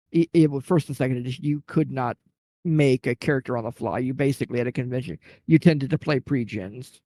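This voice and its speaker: A man's voice: mid-range voice, no room sound. A man on a podcast telling a long tabletop gaming story in casual chat, acting out what the players said. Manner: animated anecdote teller, acts out quoted players. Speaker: podcast co-host.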